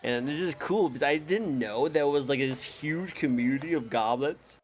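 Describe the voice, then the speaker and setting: A man's voice: a little high, moderate pace, soft background music. A man hosting a casual interview, enthusiastic and repeating "I love it.". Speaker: interview host.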